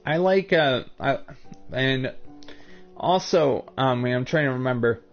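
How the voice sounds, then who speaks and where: A man from the United States with a Northern US accent, chatting casually with his live-stream viewers in a rambling, halting way full of restarts. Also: medium pitch, lo-fi sound, faint music behind.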